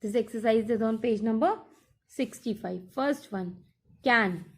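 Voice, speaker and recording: Woman teacher, recorded lesson, slow deliberate delivery, repeats each instruction, fairly high voice. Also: husky.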